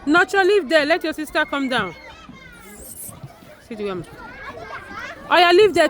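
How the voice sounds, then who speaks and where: High, lively mom cheering her kids. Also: moderate pace, long pauses, some chatter behind, a little hiss or hum. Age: adult parent. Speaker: mother filming her children. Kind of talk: casual family vlog. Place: outdoor zoo with a crowd around.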